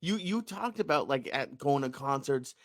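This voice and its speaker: A man's voice: mid-range voice, lively intonation, moderate pace, no room sound, studio quality. A man co-hosting a podcast, a reactive sidekick who laughs and jumps in with questions. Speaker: podcast co-host. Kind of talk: casual podcast chat.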